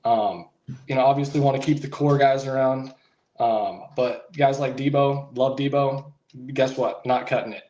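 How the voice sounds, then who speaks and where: A man's voice: medium pitch, steady tone, moderate pace, mellow, echoey room, slight background noise. A man calling in to a sports show, ranting in frustration in casual slang. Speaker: caller. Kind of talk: fired-up fan rant.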